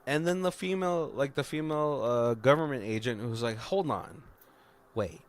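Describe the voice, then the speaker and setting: Casting: relaxed male podcast co-host, loose chatty recap, laughs a lot. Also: mid-range voice, smooth. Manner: loose, laughing retelling with quick quoted voices. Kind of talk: casual movie recap.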